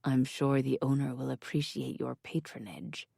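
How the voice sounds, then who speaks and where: Lady doing a soft murmuring guy, low and gravelly, tender. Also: normal speed, dry recording, clean studio sound. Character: gentle, affectionate man, soft-spoken.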